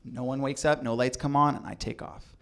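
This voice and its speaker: A young adult man telling a comedic true story, animated and acting out the people in it. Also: mid-range voice, fairly quick, gravelly. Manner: animated, acts out voices in quotes.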